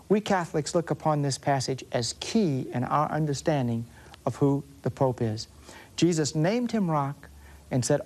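A man with a Southern US accent preaching a sermon as a Catholic preacher, explaining scripture earnestly and slowing down to stress references. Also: on the high side, lively intonation, darkish tone.

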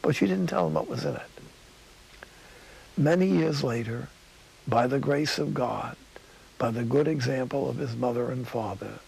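A man preaching a sermon in a studio, telling stories slowly and dropping to a whisper for emphasis. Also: mid-range voice, vocal fry, darkish tone, husky, poor audio. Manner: storytelling, slow, drops to a whisper for emphasis.

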